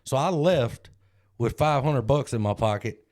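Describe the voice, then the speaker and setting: A man's voice: mid-range voice, lively intonation, unhurried, a little mellow. A man, co-hosting a podcast and telling a self-deprecating story in a casual way, acting out other people's lines. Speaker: podcast co-host.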